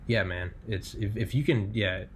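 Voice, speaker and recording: A man hosting a podcast, talking in a loose, rambling way full of fillers and the odd curse. His voice sits on the low side and stays relaxed and conversational throughout. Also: normal speed, slight background noise. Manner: rambling, heavy on fillers and swearing. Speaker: podcast host. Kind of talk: casual chat.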